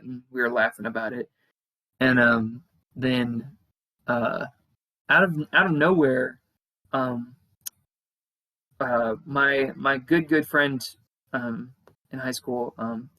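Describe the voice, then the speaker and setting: A man's voice: mid-range voice, pushed and bright, low-quality recording. A young man telling a long casual story, with many fillers and restarts. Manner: chatty, rambling with many fillers and restarts, acts out quoted voices. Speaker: podcast co-host.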